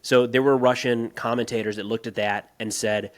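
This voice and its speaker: A man co-hosting a podcast, talking through politics casually and turning animated and emphatic as he rants. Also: medium pitch, normal speed. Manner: animated, rising to emphatic outbursts when ranting; conversational with frequent restarts. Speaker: podcast co-host.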